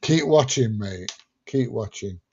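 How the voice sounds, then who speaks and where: A man's voice: fairly low pitch, lively intonation, slow pace, dark tone, slightly rough, highs cut off. A man hosting a casual livestream, reading out viewer questions and answering them plainly. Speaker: livestream host answering chat. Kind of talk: casual chat.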